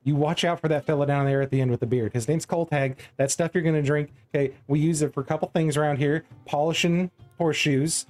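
A man's voice: on the high side, steady tone, fast, few pauses, a little mellow, soft background music, lightly acted. A man voicing a doting, motherly half-elf woman tavern keeper with a Southern US accent, fussing over a guest and calling her honey.

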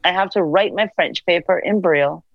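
Woman telling stories in an interview, lively, acts out the voices, dull dry recording. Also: lowish voice, moderate pace, no room sound. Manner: animated storyteller, acts out quoted dialogue. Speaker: interview guest, senator. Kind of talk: casual storytelling interview.

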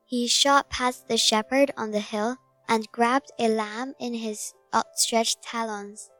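Slow storybook narrator, a woman. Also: fairly high pitch, fairly even intonation, soft background music. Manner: slow, gentle storybook reading. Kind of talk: scripted narration of a fable.

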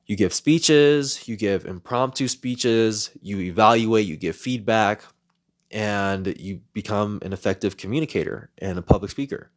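A man's voice: lowish voice, a little slow. A man hosting a solo podcast, talking in an earnest, reflective way and often repeating words as he searches for them. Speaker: podcast host.

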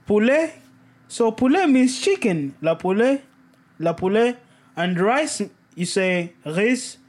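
A young man hosting a casual solo podcast, animated and self-mocking, laughing often as he stumbles through broken French phrases. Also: high-pitched. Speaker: podcast host.

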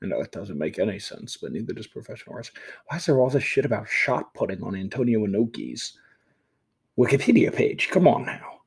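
A man hosting a show, casually talking himself through a game, swinging between loud outbursts and quiet muttering. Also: on the low side, lively intonation, a little fast, vocal fry, husky. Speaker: podcast host. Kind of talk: casual live commentary while playing a game.

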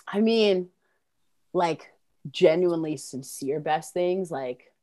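Low-voiced woman, casual and profane. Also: slow, dark tone, dry recording. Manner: loose, profane, heavy on fillers, laughs easily. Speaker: punk band musician. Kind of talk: casual interview chat.

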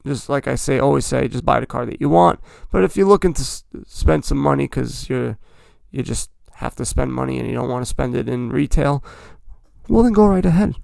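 Gravelly, rambling man on a podcast. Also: mid-range voice, animated, fairly quick, darkish tone, dry recording, clean studio sound. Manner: rambling, chatty, self-correcting. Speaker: podcast host. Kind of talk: casual hobby talk.

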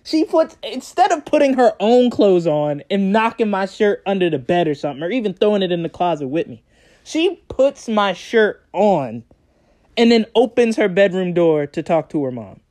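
A young man telling a story in a casual vlog, animated and profane, often breaking into laughter. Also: high-pitched, moderate pace. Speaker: vlogger.

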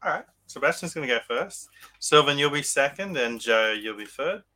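Australian man, podcast host, upbeat quizmaster, bright tense tone. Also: medium pitch, expressive, normal speed. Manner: upbeat, leads the talk and explains rules. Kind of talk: casual podcast chat, quiz hosting.

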